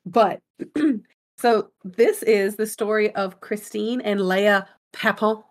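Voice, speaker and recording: A woman's voice: medium pitch, steady tone, takes it slowly. A woman co-hosting a podcast, casually telling a story in a chatty way and laughing often. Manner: chatty, laughs often, apologetic about pronunciation. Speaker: podcast co-host.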